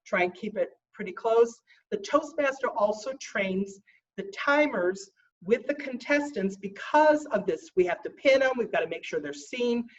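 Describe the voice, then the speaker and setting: A woman's voice: on the high side, lively intonation, far from the mic, highs cut off. Fussy woman giving an emphatic training briefing. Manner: emphatic, slows down to stress points; self-described fussy stickler. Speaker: contest trainer.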